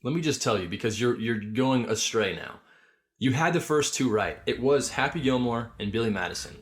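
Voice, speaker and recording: A man's voice: medium pitch, normal speed. A man co-hosting a podcast, chatting casually and retelling movie scenes with energy. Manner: animated storytelling, quotes movie lines. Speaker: podcast co-host. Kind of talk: casual chat.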